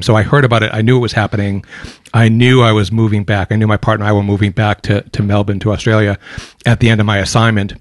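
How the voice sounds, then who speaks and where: A man in his fifties with a softened Boston American accent, telling stories as a guest on a radio talk show. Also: fairly low pitch, dry recording. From Boston, United States. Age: 50s. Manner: chatty anecdotal storyteller, dry jokes. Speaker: radio guest, volunteer coordinator. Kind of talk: casual radio interview. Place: radio studio.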